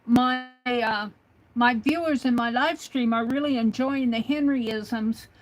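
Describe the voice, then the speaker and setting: Slow-talking woman livestream host. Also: on the high side, faint music behind, low-quality recording. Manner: hesitant, with many fillers. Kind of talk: casual livestream talk to a chatbot.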